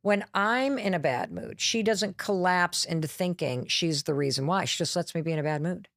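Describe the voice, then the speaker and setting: A middle-aged woman, a motivational speaker appearing as a podcast guest, telling a candid, lively story and acting out quotes as she goes. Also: lowish voice, moderate pace, creaky, dry recording, clean studio sound.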